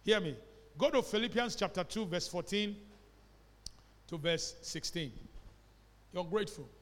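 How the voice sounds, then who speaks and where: A man's voice: high-pitched, lively intonation, measured pace, a bit bright, in a large hall. A man with a Nigerian accent preaching a sermon as a pastor, emphatic, asking the congregation questions and slipping into Pidgin phrases. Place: church hall.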